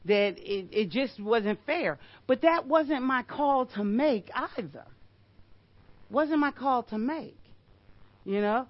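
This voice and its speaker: A woman's voice: high voice, very animated, takes it slowly, dry recording, muffled recording. An older woman giving a sermon, emphatic and storytelling, with rhetorical questions.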